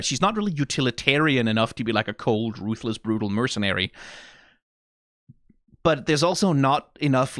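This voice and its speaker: A man's voice: mid-range voice, fairly bright tone, no room sound, studio quality. A man with a Danish accent giving casual, rambling commentary as a reaction YouTuber, swearing and firing off rhetorical questions. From Denmark. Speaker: video game reaction YouTuber.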